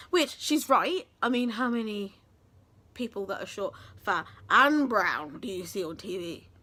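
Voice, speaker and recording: A woman's voice: medium pitch, bright, forceful tone. A woman, telling a story in a casual vlog, chatty and self-mocking with some swearing. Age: 20s. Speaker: vlogger and actress.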